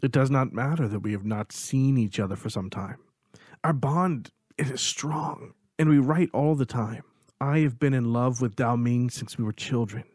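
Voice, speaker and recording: A man's voice: mid-range voice, moderate pace, a little mellow, no room sound, studio quality, natural voice. A man doing a formal, earnest martial arts teacher. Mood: firm, sincere. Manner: formal, speaks without contractions.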